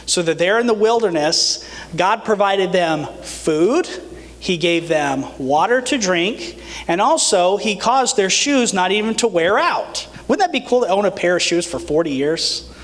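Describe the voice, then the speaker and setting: A man preaching a sermon as the pastor of a church, earnest and animated, with light humor. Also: sits high, unhurried. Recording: long reverb of a church hall.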